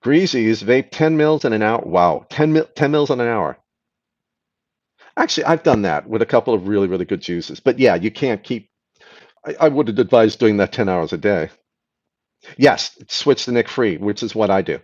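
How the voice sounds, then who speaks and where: A man's voice: lowish voice, animated, moderate pace, dull audio. A man hosting a live stream, casually answering chat questions and explaining things patiently, often restarting his sentences.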